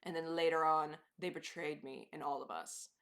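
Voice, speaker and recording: A woman's voice: deep voice, fairly even intonation, normal speed. A woman live streamer chatting casually to her viewers, rambling and laughing often.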